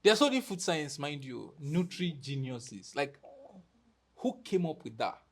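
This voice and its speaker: A young podcast co-host with a gravelly, husky voice. Reactions come out wry and teasing, sprinkled with slang. The pitch sits in the middle. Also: sing-song, unhurried. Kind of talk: casual chat.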